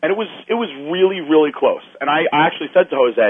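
Over a tinny phone-line recording with slight background noise, a man with a slightly high voice tells a story at a quick pace. He's an animated storyteller in casual chat, voicing the other people's quotes and swearing as he goes.

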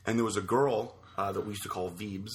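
A man co-hosting a podcast, telling a story in a rambling, halting way with many fillers. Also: fairly low pitch, fairly even intonation, a little hiss or hum. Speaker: podcast co-host. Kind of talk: casual storytelling chat.

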